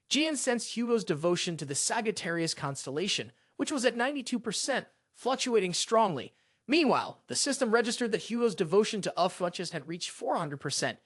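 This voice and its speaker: Male recap narrator, dramatic scripted delivery; high, lively pitch. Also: brisk, no echo, clean studio sound. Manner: dramatic storytelling.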